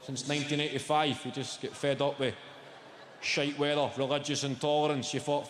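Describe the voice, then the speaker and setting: Sweary Scottish stand-up comic in echoey hall. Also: male voice, mid-range voice, level tone, normal speed, background noise. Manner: sweary, punchy crowd-work banter. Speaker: stand-up comedian. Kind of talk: stand-up comedy set. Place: large theatre stage. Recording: echoey live theatre with long reverb. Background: loud audience laughter.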